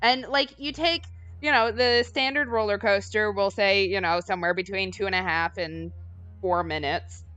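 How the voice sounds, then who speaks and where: A woman's voice: medium pitch, normal speed, fairly bright tone, faint music behind. A woman in her late twenties in a casual stream chat, blunt and casually swearing, reasoning things out aloud. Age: late 20s. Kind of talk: casual group chat on a livestream.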